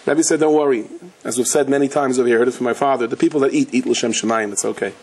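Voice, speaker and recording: A man's voice: very fast, husky. A man, a rabbi giving a Torah lecture, telling stories and acting out the people in them with big jumps in his voice. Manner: animated storyteller, acts out quotes with big pitch jumps.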